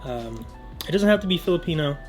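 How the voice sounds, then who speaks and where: A man's voice: a little high, animated, fast talker, faint music behind. A young man hosting a food-tasting vlog, chatting in a laid-back, rambling way with many fillers. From American Samoa. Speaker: vlog host. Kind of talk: casual chat.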